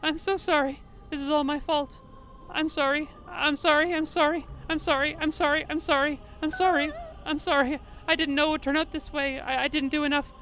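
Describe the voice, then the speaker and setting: A woman's voice: sits high, fairly even intonation, a little fast, a bit bright, pitched above the performer's own voice. A woman voicing a guilt-stricken woman from a game who frantically apologizes and begs to be punished. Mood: remorseful. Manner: pleading, frantic, repeating apologies.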